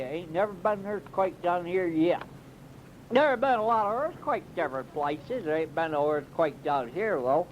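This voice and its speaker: A man's voice: high voice, a little hiss or hum. A man doing a comic monologue as a cave tour guide, rambling in a folksy drawl with bouts of mock alarm. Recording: dull lo-fi recording.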